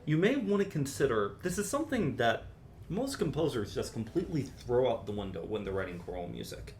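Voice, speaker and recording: A man teaching a private composition lesson, explaining in a relaxed, chatty way with many ums. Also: medium pitch, fairly quick, a little hiss or hum. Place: university music lesson room.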